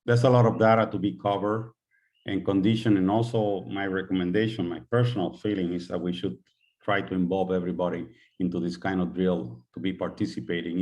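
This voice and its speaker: A man's voice: sits low, darkish tone. A man making an earnest comment on a video call, with loosely built sentences. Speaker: caller. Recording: voice far from the mic.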